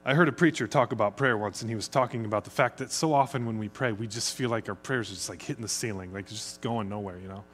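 A man's voice: fairly low pitch, fast talker, few pauses, a little hiss or hum. Chatty man preaching a sermon. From United States. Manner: conversational, chatty, speeds up when excited. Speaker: pastor.

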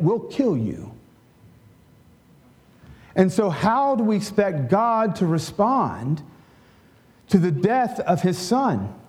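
A man's voice: high-pitched, a little mellow. A middle-aged male pastor giving a conversational sermon, often checking in with "right?" and leading a prayer.

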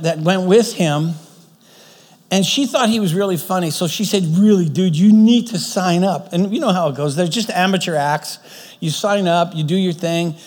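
Man, high voice, earnest preacher, stumbling restarts, long hall reverb. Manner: earnest retelling with frequent restarts. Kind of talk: sermon storytelling.

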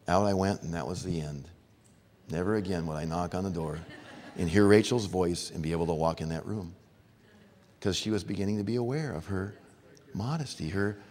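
Deep-voiced preacher in a reverberant hall. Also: male voice, darkish tone, slight background noise. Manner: earnest, storytelling with acted-out voices. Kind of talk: sermon.

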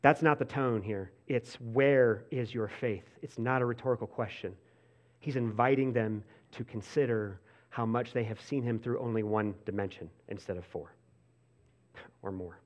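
A medium-pitched pastor preaches at a moderate pace, keeping things conversational with frequent "like" fillers and restarts. Animated bursts give way to soft, hushed passages and back again.

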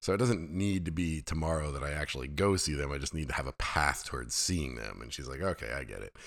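A middle-aged American man with a very low, deep voice talks to his listeners in a relaxed solo podcast. His delivery is candid and rambling, full of asides and self-deprecating turns. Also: quick pace, creaky. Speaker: podcast host. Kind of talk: casual solo monologue.

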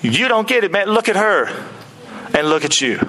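A man's voice: high-pitched, sing-song, moderate pace, bright, forceful tone, full character voice. A man acting out a stern male teacher who bluntly rebukes his dinner host in plain, pointed talk. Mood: rebuking.

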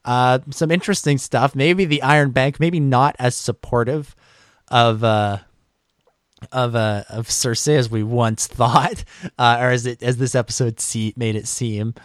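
A man co-hosting a casual podcast chat, his speech full of fillers and restarts. His voice sits at an ordinary pitch and sounds close and dry, with no room around it. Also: fairly even intonation, measured pace, no room sound. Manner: hesitant, many fillers and restarts. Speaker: podcast co-host. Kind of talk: casual discussion.

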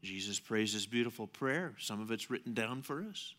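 A male pastor preaching a sermon, telling the story animatedly and swinging between loud emphasis and hushed asides. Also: fairly low pitch, lively intonation, moderate pace.

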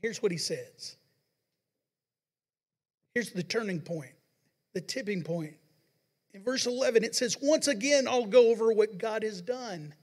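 A man preaching a sermon as pastor of a Pentecostal church, reading scripture dramatically, slowing down and building on the verses. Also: high-pitched, expressive, darkish tone. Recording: long church hall reverb.

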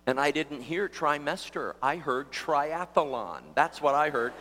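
A man's voice: mid-range voice, steady tone, unhurried, few pauses, a bit bright. A pastor in his sixties preaching a live sermon, telling a self-deprecating story in a chatty, conversational way. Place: church sanctuary before a congregation. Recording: long reverb of a church hall.

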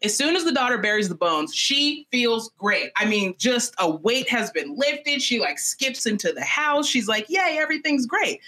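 Bright-voiced, animated young woman storyteller. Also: fairly high pitch, moderate pace, few pauses. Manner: animated, profane, chatty. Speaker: podcast host. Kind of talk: comedic storytelling.

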